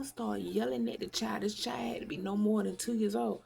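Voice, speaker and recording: Gravelly-voiced blunt woman vlogger. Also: medium pitch, steady tone, moderate pace, hardly any pauses, a little mellow. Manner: blunt, profane, opinionated. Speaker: YouTube vlogger. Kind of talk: casual commentary vlog.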